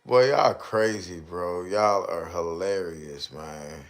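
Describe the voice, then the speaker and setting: A man with commentating a live stream, ranting and joking loudly with slang and mocking put-on voices. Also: sits low, slow. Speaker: streamer reacting to videos.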